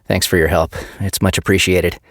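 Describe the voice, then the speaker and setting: A man voicing a wry, joking young male scientist who speaks in quick, teasing banter. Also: low-pitched, flat delivery, a bit bright, no echo, studio quality.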